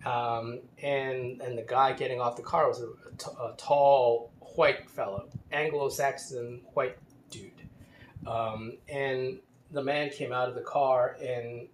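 A man's voice: medium pitch, steady tone, slow. Man rambling through a story, roomy sound. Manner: rambling, hesitant, with frequent restarts. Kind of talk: casual spoken anecdote. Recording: roomy with faint ambient noise.

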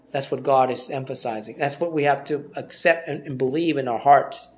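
A man's voice: mid-range voice, moderate pace, few pauses. A man giving a Bible teaching sermon, reading verses aloud and then commenting on them in emphatic bursts. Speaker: preacher.

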